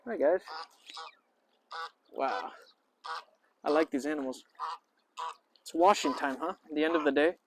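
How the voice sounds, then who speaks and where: There's background noise as a man with a measured, frequently pausing delivery hosts a casual vlog outdoors by a lake. The vlogger, also an English teacher, chats playfully and repeatedly greets the birds in a raised, high voice. Faint honking from geese and ducks can be heard.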